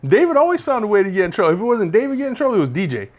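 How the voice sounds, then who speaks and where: A man's voice: high voice, big pitch swings, very fast, darkish tone. A young man co-hosting a podcast in laid-back casual chat, often saying "bro". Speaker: podcast co-host.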